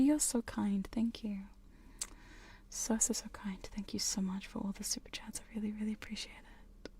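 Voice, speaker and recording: A woman chatting in a soft, giggly whisper on a live hypnosis ASMR stream, close to studio mics in her home studio. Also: mid-range voice, gravelly. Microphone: studio condenser and binaural mics.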